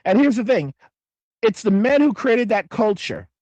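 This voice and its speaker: A man's voice: sits high, big pitch swings, moderate pace, darkish tone, dry recording. A man in his forties hosting a livestream, talking bluntly and profanely in a rambling way, with frequent restarts. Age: 40s. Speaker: livestream host. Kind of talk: casual ranting livestream.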